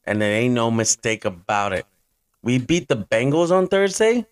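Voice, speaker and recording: A man's voice: mid-range voice, very animated, moderate pace, clear, resonant tone. A man in his twenties hosting a fantasy football podcast, ranting hyped-up and blunt, with some swearing. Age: 20s. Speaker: podcast host.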